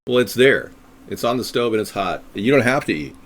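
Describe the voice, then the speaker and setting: A man's voice: fairly low pitch, animated, brisk, fairly bright tone. A man who is a third-party presidential candidate, hosting a live stream in rambling, easygoing chat.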